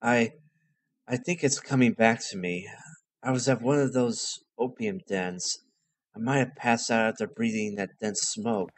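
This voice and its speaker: A man's voice: medium pitch, a little slow, close to an everyday voice. A man reading the lines of a shaken male investigator in a plain, urgent voice. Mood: dazed.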